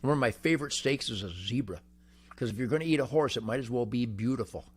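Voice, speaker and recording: An older man hosting a rambling, boastful monologue, brash and cocky, swinging from booming shouts to low mutters. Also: quick pace, breathy edge. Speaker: host.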